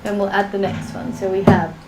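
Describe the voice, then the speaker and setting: A language teacher runs a live-streamed class, patiently chanting syllables in a sing-song and joking with her students. Her mid-range voice comes across flat and brisk. The recording is very noisy, with an echoey room and music behind her.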